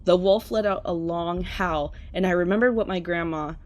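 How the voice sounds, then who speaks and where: A woman's voice: lowish voice, moderate pace, darkish tone, rough recording. Giggly woman reading a spooky story. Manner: reads a spooky story aloud, often breaking into giggles. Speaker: podcast co-host reading a story. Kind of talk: casual read-aloud storytelling.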